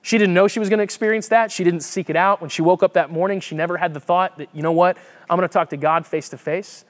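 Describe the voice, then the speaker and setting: Guy preaching, kinda higher voice, chatty and lively, repeats himself a lot. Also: quick pace. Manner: lively, conversational, repeats words while thinking. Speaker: pastor. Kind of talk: sermon with Bible reading.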